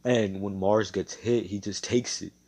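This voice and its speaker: A man's voice: on the low side, fairly even intonation, a little slow, darkish tone. A man narrating an improvised fan story in a rambling, filler-heavy way.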